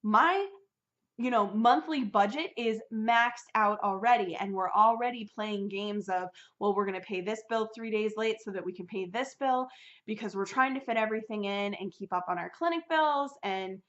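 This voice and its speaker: A woman's voice: medium pitch, normal speed, a bit bright, lo-fi sound. A young woman vlogging to her viewers, ranting in a heated, chatty retelling of a frustrating experience. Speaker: vlogger sharing her fertility journey. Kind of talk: casual chat to camera.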